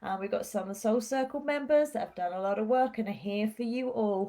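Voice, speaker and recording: A woman's voice: mid-range voice, brisk, hardly any pauses, dark tone. A woman spiritual healer leading a live-streamed guided healing session, speaking in soothing, repetitive phrases with chatty asides.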